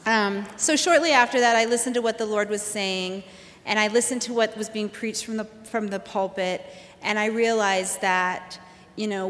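A woman's voice: mid-range voice, fairly bright tone. A woman telling her personal testimony in a candid storytelling manner with fillers. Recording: long hall reverb.

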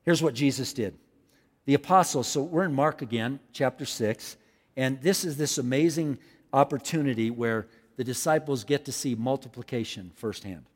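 A man preaching a sermon as pastor, animated, repeating phrases and calling on the congregation to answer him. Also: medium pitch, normal speed, husky. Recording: long hall reverb.

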